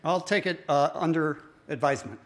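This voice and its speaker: A man co-hosting a comedy podcast who answers with short, dry, deadpan replies. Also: fairly high pitch, normal speed, a little hiss or hum. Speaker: podcast co-host. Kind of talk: casual comedic chat.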